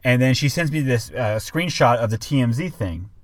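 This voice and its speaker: A man's voice: medium pitch, lively intonation, normal speed. A young man and father co-hosting a podcast, telling a story in casual chat and swearing often. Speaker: podcast co-host.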